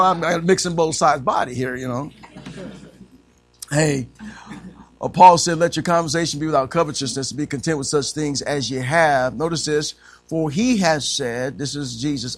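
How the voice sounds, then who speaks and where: Man preaching, gravelly, pitched a bit high, swings loud to hushed. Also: expressive, normal speed. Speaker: pastor. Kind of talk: sermon.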